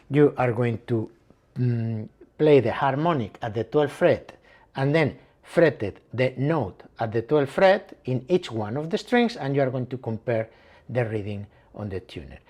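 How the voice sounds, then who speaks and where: Lively man explaining a guitar setup. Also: mid-range voice. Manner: explains step by step, repeats key numbers. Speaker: guitar tech and channel host. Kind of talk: hands-on setup tutorial.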